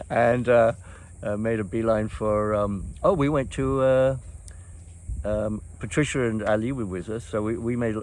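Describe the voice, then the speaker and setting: A man's voice: on the low side, a little mellow. Older man rambling through old stories. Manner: rambling, chuckles often, many fillers and restarts. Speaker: host. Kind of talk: casual reminiscing storytelling.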